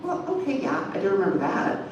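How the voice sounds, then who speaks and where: A woman reading aloud voices a stubborn, exasperated young woman who snaps back in sharp retorts. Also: medium pitch, very animated, a little fast, dull audio, natural voice. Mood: disbelieving. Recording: echoey room from far off, background noise.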